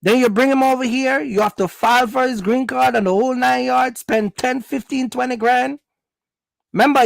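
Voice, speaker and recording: Casting: blunt vlogger, high gravelly voice, mocking and scolding. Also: male voice, no echo. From Jamaica. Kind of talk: opinionated monologue.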